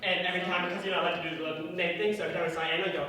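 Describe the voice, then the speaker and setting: A man's voice: high-pitched, rapid-fire, few pauses. A young man doing a stand-up set at a comedy club, self-deprecating and rambling with fillers. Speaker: stand-up comic. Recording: echoey room from far off, loud crowd. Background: audience laughing.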